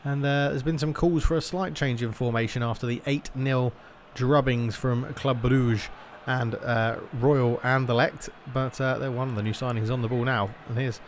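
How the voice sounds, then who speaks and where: A man's voice: mid-range voice, steady tone, moderate pace, hardly any pauses, slight background noise. A young man giving casual gameplay commentary, thinking aloud and slipping into mock match commentary. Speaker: gaming YouTuber.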